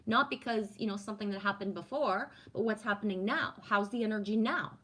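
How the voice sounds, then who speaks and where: A woman's voice: medium pitch, fairly quick. A woman chats casually on a livestream, reading viewer comments aloud and answering each one. Her tone is affirming and reflective, and she often checks in with a "right?" while she talks about spiritual ideas. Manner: warm, affirming, spiritual musing with frequent "right?". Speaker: livestream host answering chat.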